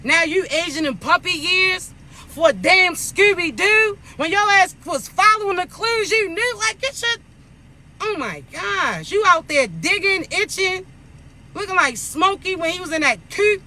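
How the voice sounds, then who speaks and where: A man's voice: very high-pitched, lively intonation, measured pace, sharp tone. A man giving a casual spiritual pep talk in a blunt, profane, scolding manner. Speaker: spiritual content creator.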